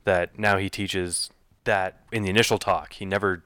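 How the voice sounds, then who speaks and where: A man's voice: low-pitched, level tone, normal speed, a bit bright, no echo. A man co-hosting a podcast in casual discussion, thinking aloud in rambling, restarting sentences and reaching for analogies. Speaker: podcast co-host.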